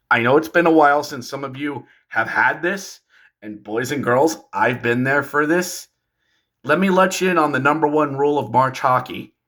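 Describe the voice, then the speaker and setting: A man hosting a casual hockey recap video, animated and joking, talking straight to fellow fans. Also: medium pitch. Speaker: hockey fan video host. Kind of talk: casual game recap commentary.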